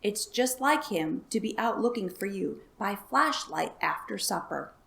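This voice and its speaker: A woman's voice: mid-range voice, animated, measured pace, vocal fry, echoey room, heavily acted. Woman doing friendly talking cows. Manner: warning in hushed tones. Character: friendly, protective farm cows.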